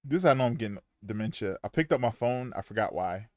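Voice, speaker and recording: A man's voice: lowish voice, lively intonation, fast talker, dry recording, studio quality. Man dramatically reading game lines aloud. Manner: dramatic reading with casual cursing asides. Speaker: streamer. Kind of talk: reading game dialogue aloud on a live stream.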